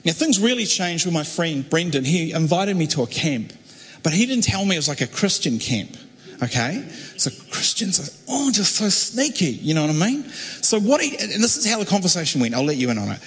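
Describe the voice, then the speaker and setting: A young man preaching a testimony, telling his story animatedly and acting out other voices, with a husky voice. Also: fairly high pitch, fairly quick. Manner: animated, acts out quoted voices. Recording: echoey hall with long reverb.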